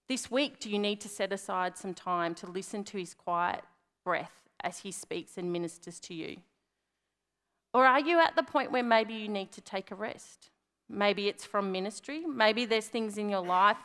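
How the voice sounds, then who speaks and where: A woman preaching a conversational sermon, then leading a prayer, dropping to a hush on quiet lines. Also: mid-range voice. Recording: long reverb of a large hall.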